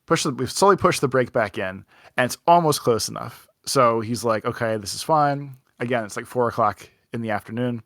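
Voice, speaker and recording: A man's voice: medium pitch, a little fast, fairly bright tone, no echo, clean studio sound. A young man co-hosting a podcast, telling a rambling anecdote full of "like" and acted-out quotes in a casual chat. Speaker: podcast co-host.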